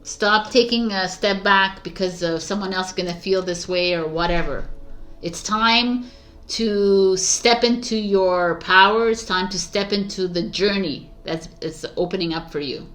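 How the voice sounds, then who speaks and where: A woman's voice: mid-range voice, measured pace, fairly bright tone. A woman giving a casual tarot reading, eager and emphatic, repeating words for stress and swearing offhandedly. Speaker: tarot reader.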